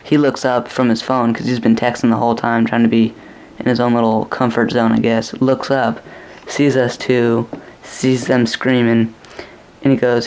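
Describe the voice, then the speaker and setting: A man's voice: medium pitch, little pitch movement, normal speed, darkish tone, slight background noise. A young man casually recounting a rambling, crude dream story, acting out what people said in a raised voice. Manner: crude, rambling, acts out quoted lines with a raised voice. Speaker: vlogger.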